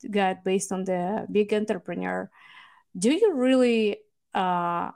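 A middle-aged woman hosting a podcast interview, talking in a halting way with pauses and restarts as she searches for words. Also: medium pitch, creaky, darkish tone. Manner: halting, searching for words, non-native phrasing. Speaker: podcast host. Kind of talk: casual interview.

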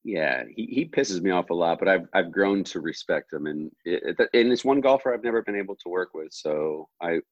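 A man's voice: low-pitched, fairly quick, few pauses, dry recording, muffled recording. A middle-aged man, a golf coach telling stories in casual chat and acting out what other people said. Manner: animated, acts out quoted voices.

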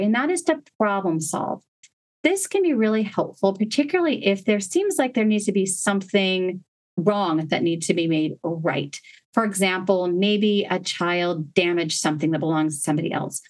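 Woman host explaining parenting steps. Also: medium pitch. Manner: earnest, step-by-step explaining with gentle emphasis. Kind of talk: instructional podcast talk.

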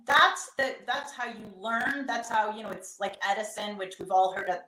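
A middle-aged woman being interviewed, telling candid stories and acting out quoted lines in a lively conversational way. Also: medium pitch, normal speed, echoey room, a little hiss or hum, poor audio. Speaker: guest, event company founder.

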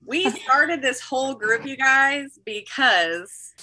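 Brief: enthusiastic woman hosting a casual podcast chat, bright voice. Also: high voice, animated, takes it slowly, rough recording. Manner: bubbly, enthusiastic. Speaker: podcast host and marriage coach.

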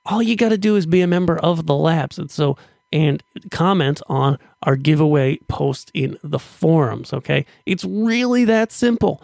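A man with a fairly high, gravelly voice hosts a podcast in a chatty, upbeat monologue. His voice sounds close and dry, with no room echo. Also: animated, normal speed, darkish tone. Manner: upbeat, chatty, with restarts while pitching offers. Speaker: podcast host.

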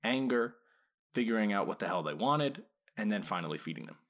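A man's voice: lowish voice, animated, a bit bright. A man hosting a podcast about dog training, talking casually and asking his listeners rhetorical questions. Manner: conversational, asks rhetorical questions, acts out quick quoted lines.

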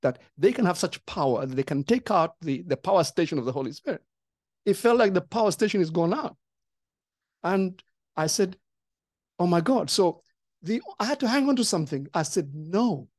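A pastor sharing a testimony in a podcast conversation, animated and acting out the voices in the story. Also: mid-range voice, fairly quick, no echo, clean studio sound. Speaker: pastor and co-host.

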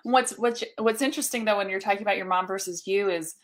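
A woman's voice: mid-range voice, fast. A woman coach being interviewed, speaking in an upbeat, emphatic way and explaining with examples. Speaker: guest, coach. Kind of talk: conversational interview.

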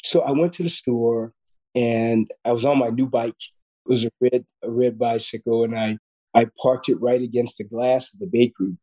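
A man's voice: mid-range voice, fairly even intonation, moderate pace, low-quality recording. Earnest man in his fifties, telling a story. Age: 50s. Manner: earnest, repeats words, warm storytelling. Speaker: guest surgeon. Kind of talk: storytelling in a podcast interview.

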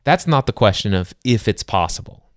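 A man's voice: fairly low pitch, expressive, moderate pace, no echo, studio quality. A middle-aged man co-hosting a casual book-discussion podcast, talking earnestly about faith and acting out his inner dialogue with emphasis. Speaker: podcast co-host.

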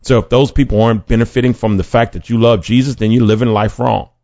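A man's voice: medium pitch, steady tone, quick pace, dark tone, no room sound. A man preaching a podcast sermon in an earnest, conversational way, often restarting his sentences. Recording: dry, dull lo-fi sound.

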